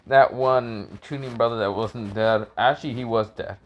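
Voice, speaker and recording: A man's voice: mid-range voice, steady tone, normal speed, muffled recording. Rambling, casual male storyteller. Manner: rambling, with many fillers and profanity.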